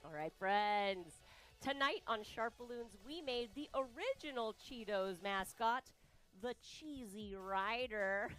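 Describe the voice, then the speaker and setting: Woman, livestream host, playful, chatty, bouncy pitch, unhurried delivery. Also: lively intonation, a bit bright. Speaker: balloon artist streamer. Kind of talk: casual chat.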